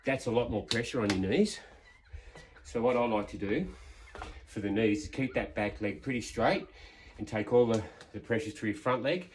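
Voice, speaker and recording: A man's voice: fairly low pitch, moderate pace, slight background noise. A man in his fifties talking casually while doing a leg workout, encouraging viewers and counting reps aloud as he exerts himself. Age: 50s. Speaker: fitness vlogger. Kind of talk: casual workout talk-along. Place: home workout space, indoors.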